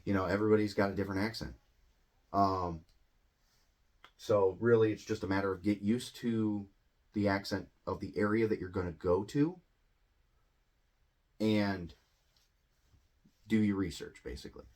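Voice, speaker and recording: A man's voice: lowish voice, fairly even intonation, moderate pace, long pauses, a little mellow. A man talks through an English lesson in a loose, casual way. He often repeats himself and restarts words as he goes. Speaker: English teacher.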